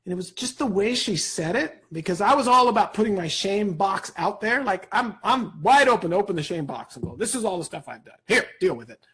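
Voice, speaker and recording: A man speaking as a guest in an interview, giving an energetic motivational talk, animated and rapid, with a husky voice. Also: high-pitched. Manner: animated, rapid, peppered with "right?".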